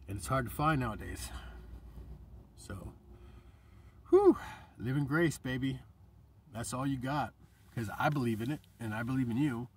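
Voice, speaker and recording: A man's voice: medium pitch, breathy edge, far from the mic. Choked-up man rambling about grace. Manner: choked up, rambling, sighing, drops to whispers. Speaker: vlogger. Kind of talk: emotional spiritual monologue.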